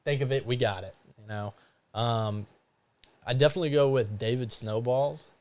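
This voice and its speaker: A man with a mid-range voice speaks as a podcast guest. He sounds relaxed and friendly and talks plainly. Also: medium pitch, normal speed. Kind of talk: casual live podcast chat.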